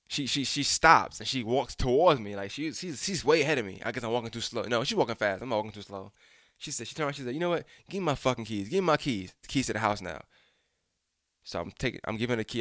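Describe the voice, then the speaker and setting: A man's voice: fairly low pitch, fairly bright tone, dry recording, clean studio sound. A young man telling a personal story in a frank, casual way, swearing freely and speaking straight to his listeners. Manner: frank, profane, addresses listeners directly.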